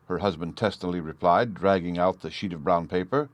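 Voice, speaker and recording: A man narrating an audiobook in an even, measured storytelling manner. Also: low voice, no room sound. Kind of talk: scripted narration.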